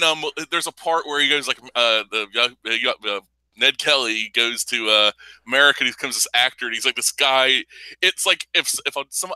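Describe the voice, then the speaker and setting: A man's voice: medium pitch, pushed and bright, clean tone, no room sound, poor audio. A man hosting a podcast in casual chat, rambling and profane about old movies. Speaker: podcast host.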